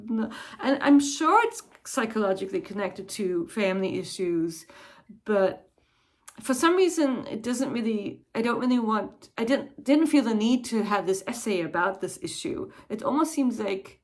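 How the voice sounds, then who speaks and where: A woman's voice: medium pitch, expressive, moderate pace. A woman chatting casually as a book vlogger, in a thoughtful, digressive way. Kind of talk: casual chat.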